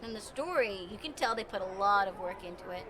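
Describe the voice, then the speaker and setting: A woman's voice: mid-range voice, animated, brisk, noisy background. A woman streaming live, chatting casually with her viewers. She is chatty and giggly and trails off with fillers.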